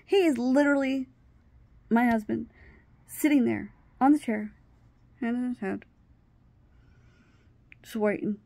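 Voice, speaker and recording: A woman's voice: on the high side, a little slow, vocal fry, pauses often, no room sound. A woman telling a personal story in a casual way, acting out what people said and often restarting her sentences. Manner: animated, acts out what people said. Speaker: vlogger.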